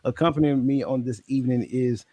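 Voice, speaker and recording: An upbeat man hosts a relaxed panel podcast, introducing guests and thanking listeners with loose, friendly energy. His voice sits mid-range and is recorded dry and close, with no room echo. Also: medium pitch, brisk. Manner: energetic, shout-outs, self-correcting, colloquial. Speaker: podcast host. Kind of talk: casual podcast chat with panel.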